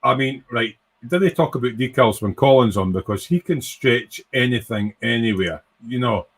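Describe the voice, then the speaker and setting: A man chatting loosely to his live-stream audience in a voice of ordinary middle pitch. He rambles from topic to topic, teases friends, swears without a second thought and reads viewer comments aloud as they come in. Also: normal speed, fairly bright tone, breathy edge. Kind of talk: casual live-stream chat.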